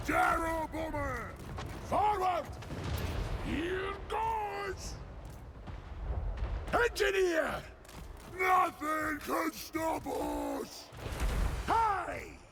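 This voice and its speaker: Gruff, gravelly dwarf warriors bellow orders and war cries in short, drawn-out bursts. The voices ride high and swing wildly in pitch. Loud noise sits under every shout. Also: male voice, lively intonation, heavily acted. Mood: battle fury. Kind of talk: video game unit voice lines.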